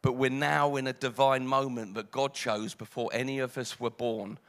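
A British man preaching a sermon, dramatic, dropping to hushed lines and rising loud. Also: medium pitch, level tone, normal speed.

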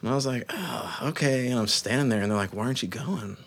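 A man chats in a relaxed, rambling way. His voice sits in a middle range, and he acts out little quotes as he tells stories about his family. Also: medium pitch, fast, gravelly. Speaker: business owner and father. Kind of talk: casual podcast chat.

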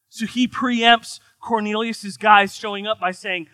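Male pastor from the United States, high, bright voice, animated and joking, dry close sound. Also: unhurried, no echo. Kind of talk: sermon.

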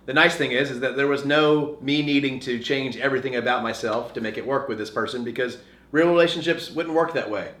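A young man co-hosting a casual podcast, his voice bright and forward. He rambles through stories, chuckling along the way. The sound carries a noticeable room echo. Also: medium pitch, a little fast. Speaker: podcast co-host. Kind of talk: casual chat.

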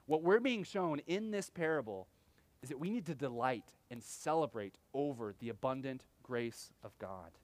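A man's voice: medium pitch, lively intonation, moderate pace, no echo. A young adult man preaching a sermon in a conversational style, often acting out quotes with sudden animation. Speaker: pastor.

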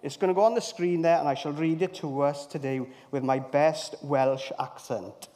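High-voiced man preaching in a reverberant hall. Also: expressive, moderate pace, hardly any pauses, a little mellow. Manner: chatty, keeps asking the congregation questions. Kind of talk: conversational sermon. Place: church, also streamed to viewers at home.

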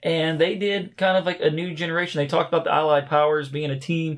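A man's voice: on the high side, level tone, fast. Man, casual chat, swears a lot, laughs, reads off numbers. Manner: profane, laughing, reads out show statistics. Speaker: podcast co-host.

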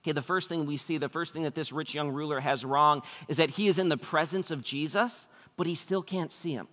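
A man in his thirties preaching a sermon as a pastor, telling stories with animated acted-out voices. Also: a little high, a little fast, big-room sound. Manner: animated storytelling, acts out quoted voices.

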